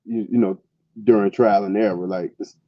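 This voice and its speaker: A man's voice: on the low side, steady tone, normal speed, no echo. Blunt, profane male podcast co-host. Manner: blunt, profane, laughs while talking. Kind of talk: casual chat. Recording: dull dry lo-fi sound.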